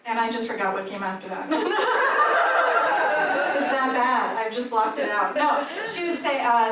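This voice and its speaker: A woman comedian doing a stand-up set in a comedy club, with a deadpan, dry delivery of dark jokes. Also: a little high, moderate pace. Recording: echoey club audio from far off, audience noise.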